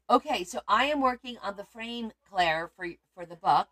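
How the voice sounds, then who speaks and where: A woman's voice: medium pitch, expressive, moderate pace, hardly any pauses, pushed and bright. A woman hosting a casual crafting livestream, chatting to viewers as she shows her work.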